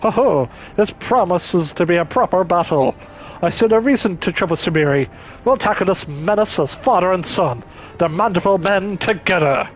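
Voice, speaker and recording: A proper, stately older gentleman from a game, formal and measured in speech, as a man puts him on. He sounds dignified and old-fashioned. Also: high voice, lively intonation, low-quality recording. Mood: eager.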